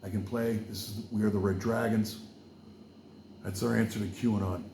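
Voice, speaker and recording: A low, gravelly man from Wales holds forth at a slow, unhurried pace. He wanders from point to point with fillers and side remarks, drifting into preaching as he goes. The room around him is echoey. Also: steady tone, a little mellow, slight background noise. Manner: loose and digressive, with many fillers and asides. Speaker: podcast host. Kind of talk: rambling casual monologue with preaching.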